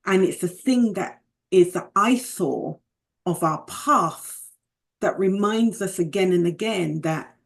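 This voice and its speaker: Gravelly, low-voiced British woman. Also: slow pace. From United Kingdom. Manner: reflective, candid, with faith remarks. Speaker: guest. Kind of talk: personal storytelling in conversation.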